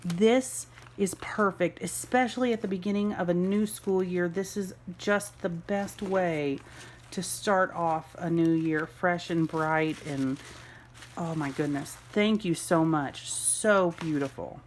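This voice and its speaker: A woman chats through an unboxing vlog at home, gasping and gushing over every little gift. Her voice sits on the low side for a woman. A faint hum of the room runs underneath. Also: takes it slowly. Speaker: homeschool mom vlogger.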